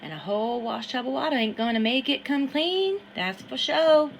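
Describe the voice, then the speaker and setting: A woman's voice: sits high, expressive, normal speed, a little hiss or hum, pitched above the performer's own voice. A woman voicing a weary washerwoman who scolds with a sigh. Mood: scolding. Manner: sighing, scolding.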